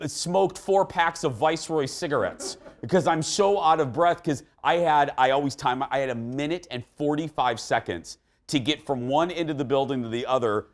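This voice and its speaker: A man in his forties hosting a live morning talk show in an upbeat, chatty way. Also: a little high. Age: 40s. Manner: upbeat and chatty, quick asides. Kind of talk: lively morning show chat. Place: TV studio with live audience.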